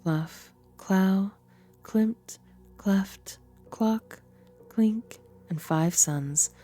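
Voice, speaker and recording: A young adult woman, a streamer and voice actor, reading game lore aloud in a theatrical, deliberate storybook manner. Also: medium pitch, warm tone, soft background music.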